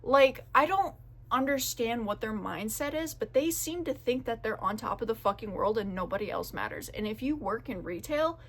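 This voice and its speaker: A woman's voice: a little high, lively intonation, a bit bright. A young woman telling a casual storytime rant, profane and exasperated as she vents. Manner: profane, exasperated, quick to vent.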